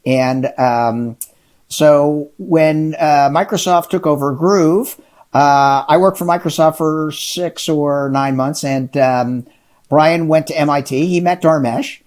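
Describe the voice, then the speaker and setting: Energetic middle-aged man telling stories. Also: fairly high pitch, takes it slowly. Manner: energetic, enthusiastic, acts out dialogue. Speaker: interview guest, entrepreneur. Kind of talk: casual storytelling interview.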